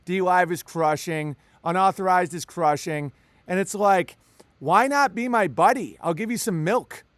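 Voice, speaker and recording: Animated, profane man with a high voice. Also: no echo. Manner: animated, profane, quick asides and jokes. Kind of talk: casual conversation.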